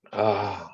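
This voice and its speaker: A man's voice: low-pitched, creaky, a bit bright, slightly rough. A middle-aged Scottish man hosting a casual live chat from home, greeting viewers by name and joking. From Scotland. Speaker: live stream host. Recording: slightly dull lo-fi live stream audio.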